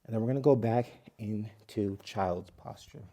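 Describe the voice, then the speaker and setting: A young man guides a yoga routine, calm and easygoing, with playful jokes tossed in. His voice sits low and sounds dark and mellow. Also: normal speed. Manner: playful, joking aside between calm cues. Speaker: vlogger leading a yoga session. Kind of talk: guided yoga instruction, casual vlog chat.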